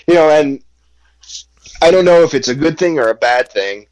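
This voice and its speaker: A man's voice: a little high, normal speed, darkish tone, no room sound, low-quality recording. A man from the United States co-hosting a casual sports podcast, rambling and leaning on fillers like "you know". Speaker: podcast co-host.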